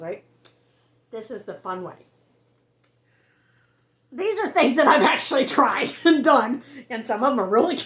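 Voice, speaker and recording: A woman's voice: a little high, fairly bright tone. A woman vlogger giving casual advice to camera, chatty, laughing often and acting out her phone replies.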